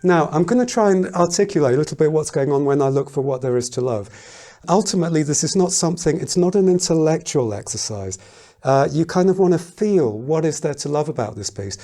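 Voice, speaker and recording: A man teaching a piano lesson in a casual, thoughtful way, pausing often and humming rhythms aloud. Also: a little high, expressive. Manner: thoughtful, hesitant, sings and counts rhythms aloud. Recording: loud piano playing behind the voice.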